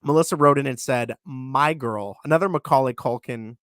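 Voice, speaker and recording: A man in his thirties co-hosting a podcast in casual chat, animated and laughing easily, with a sick voice. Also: medium pitch, normal speed, no room sound, studio quality. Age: 30s. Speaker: podcast co-host.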